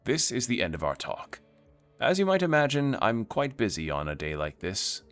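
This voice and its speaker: A man's voice: mid-range voice, sing-song, moderate pace, a bit bright, soft background music, pitched above the performer's own voice. A man voicing a smug, scheming male city lord who speaks in a clipped, haughty, condescending way. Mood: imperious.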